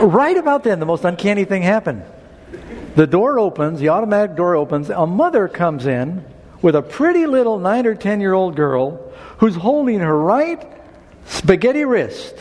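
Middle-aged male pastor, fairly high voice, storytelling sermon delivery, big church reverb. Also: very animated, moderate pace, darkish tone. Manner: storytelling, preacherly rhythm. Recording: long reverb of a large hall.

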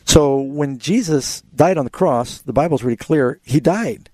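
A man's voice: on the high side, measured pace, darkish tone, dry recording. A man hosting a call-in radio show, earnestly explaining Bible passages to callers. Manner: earnest, explanatory, quotes scripture. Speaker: radio Bible talk host.

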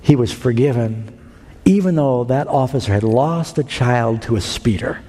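A man preaching with earnest, emphatic swells, pausing between phrases for weight. His voice is mellow and dark. It rings with a long hall reverb. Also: medium pitch, expressive. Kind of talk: sermon.

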